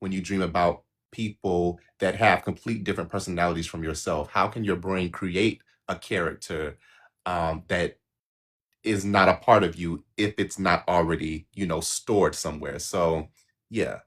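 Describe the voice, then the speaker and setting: A man's voice: sits low, steady tone, moderate pace, fairly bright tone. A man co-hosting a live spiritual reading stream, talking in an agreeable, reflective way that rambles with restarts. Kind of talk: casual live-stream chat.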